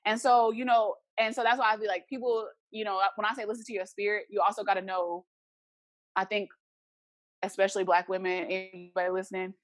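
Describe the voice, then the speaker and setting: A woman's voice: medium pitch, no echo. A woman guest in an interview, telling a personal story casually and acting out the voices of the people in it. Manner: animated, acts out the voices of people in her story.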